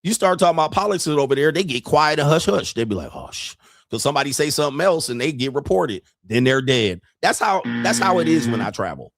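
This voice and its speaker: A man hosting a casual commentary show, talking bluntly and profanely, laughing often and rising into animated disbelief. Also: fairly high pitch, fast talker, hardly any pauses, dry recording, clean studio sound. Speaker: podcast host.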